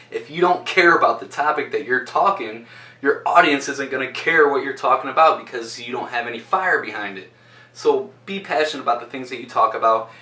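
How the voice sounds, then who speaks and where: A man giving an instructional talk on presentation skills, speaking directly and shifting his loudness for emphasis. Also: mid-range voice. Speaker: presentation coach. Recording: roomy sound from a distance.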